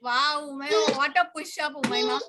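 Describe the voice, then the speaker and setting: Over a video call, a woman teacher leads a children's class, calling on pupils by name in a coaxing, brisk way. Her voice is high, and the background is noisy.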